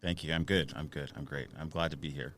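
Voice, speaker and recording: A man's voice: a bass voice, steady tone, quick pace, fairly bright tone. A man in his thirties, a musician guest on a casual podcast, talking with hesitant fillers and restarts.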